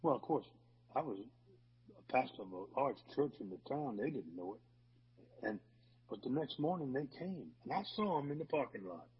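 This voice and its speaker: A husky-voiced male pastor preaches in a folksy, rambling way, stopping and restarting his sentences. His voice rings with the long reverb of a hall. The recording sounds dull and lo-fi. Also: mid-range voice, lively intonation, moderate pace. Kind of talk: sermon with storytelling.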